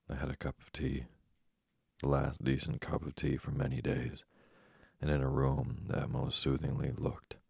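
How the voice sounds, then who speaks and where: A man narrating an audiobook in a measured, wry first-person reading. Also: extremely low pitch, creaky, darkish tone, husky, no echo.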